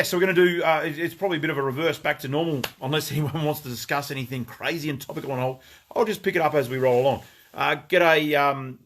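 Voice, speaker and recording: A man's voice: mid-range voice, fairly bright tone. A middle-aged Australian man hosting a casual shop livestream, rambling with many fillers and greeting viewers by name. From Western Australia.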